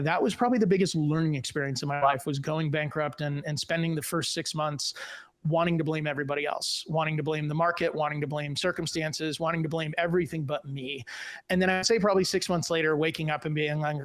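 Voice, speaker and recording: A man in his forties from the Chicago suburbs, a guest telling his story in a podcast interview, acting out bits of dialogue. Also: a little high. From US Midwest, Chicago suburbs. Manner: lively storyteller, acts out quoted dialogue. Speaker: guest, tech company executive.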